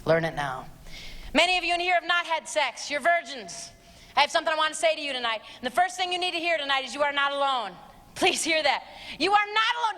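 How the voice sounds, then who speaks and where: A woman's voice: sits high, big pitch swings, fast talker, bright, forceful tone. A woman giving an emphatic, direct live talk to a youth audience in a large church hall. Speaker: abstinence speaker. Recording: long hall reverb, faint crowd.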